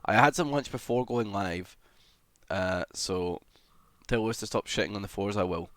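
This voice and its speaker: A man's voice: fairly low pitch, normal speed, no echo. Chatty man greeting stream viewers. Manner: chatty, swears casually, greets viewers one by one. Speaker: livestreamer. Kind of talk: casual livestream chat, greeting viewers.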